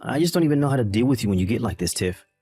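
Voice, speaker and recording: A man's voice: mid-range voice, animated, racing, mellow, breathy edge, soft background music. A man playing a dismissive, callous young husband in a voiced text-message drama, irritated and condescending.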